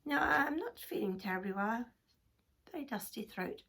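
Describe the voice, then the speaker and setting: A woman voicing a fussy black hen who coughs and blames the dust, croaky with high squawks. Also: lively intonation, moderate pace, fairly bright tone, slight background noise. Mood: croaky excuse.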